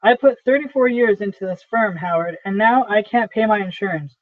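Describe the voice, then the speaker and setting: A man's voice: high voice, brisk, no echo, natural voice. A man reading the part of an aging, desperate male traveling salesman who pleads and insists, in a dry, tinny recording. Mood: pleading. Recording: dry, tinny phone-like sound.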